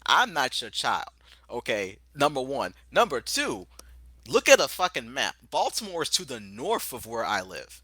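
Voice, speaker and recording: Hombre de voz tensa y muy expresiva. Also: male voice, mid-range voice, huge pitch swings, normal speed, pushed and bright, breathy edge, dry recording. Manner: ranting, profane and heated. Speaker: podcast host. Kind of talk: casual podcast banter.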